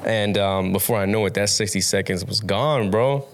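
A man's voice: fairly low pitch, moderate pace. A young man, a podcast guest and dad, telling a story in casual, rambling interview chat full of restarts, casual swearing and laughs.

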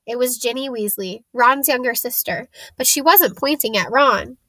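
A woman's voice: on the high side, normal speed, bright, forceful tone, no echo. Woman reading a story aloud, dry sound. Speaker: reader.

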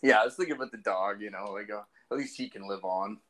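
A man's voice: fairly low pitch, quick pace, bright, forceful tone, poor audio. A man in his forties chatting casually on a podcast, rambling and hesitant in a subdued way. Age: 40s. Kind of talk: casual chat.

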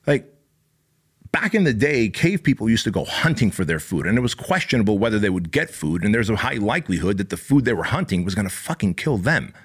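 A man's voice: fairly low pitch, very animated, fairly quick, breathy edge. A man giving a blunt, profane motivational talk, punching key words hard. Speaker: motivational speaker.

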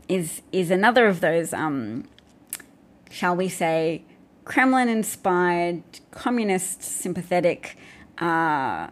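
An Australian woman with a fairly low voice talks on a live stream. She answers viewer comments in a loose, casual way and often restarts her sentences. She breaks in with dry little asides.

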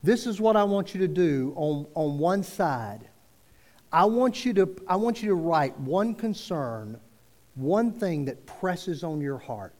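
A male pastor preaching a sermon to his congregation, earnest, with slow emphatic phrasing. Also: on the high side, expressive, a little mellow. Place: church sanctuary. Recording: long reverb of a church hall.

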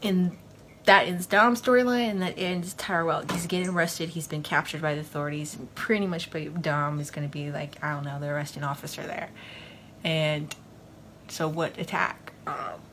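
A woman's voice: low-pitched, steady tone, fairly quick, fairly bright tone, slight background noise. A woman hosting a podcast, giving a loose, casual recap of a TV episode with lots of fillers. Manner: rambling, loose, full of fillers like "you know". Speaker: podcast host.

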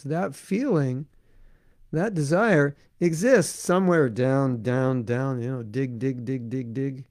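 A man's voice: medium pitch, gravelly, darkish tone, no echo, clean studio sound. A man giving a devotional talk as a spiritual teacher, earnest and repetitive, often saying "you know", then taking viewer questions.

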